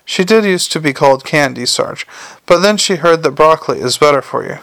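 Guy reading as a chatty scruffy watchman, gravelly edge, dry close sound. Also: a little high, lively intonation, fairly quick, a bit bright, no echo. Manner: chatty, cheerfully matter-of-fact. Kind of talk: audiobook character voice.

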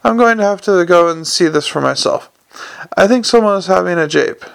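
A man voicing a blunt watch commander who gets loud when angry. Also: high-pitched, fairly quick, vocal fry, clean tone.

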